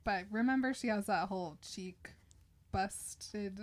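Chatty woman recapping a novel. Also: medium pitch. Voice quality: chatty, retells scenes with quick quoted voices. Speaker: podcast host recapping a book. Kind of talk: casual book recap chat.

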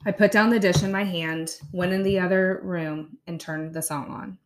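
A woman, a podcast host in her thirties, chatting casually with soft laughs and reading her own blog aloud. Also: on the low side, steady tone, normal speed.

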